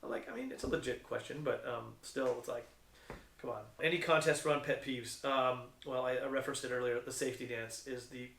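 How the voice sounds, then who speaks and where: A man's voice: mid-range voice, a little fast, vocal fry, fairly bright tone, echoey room. A middle-aged man telling stories in a casual, profane, slangy way, as a skate contest judge. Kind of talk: casual storytelling.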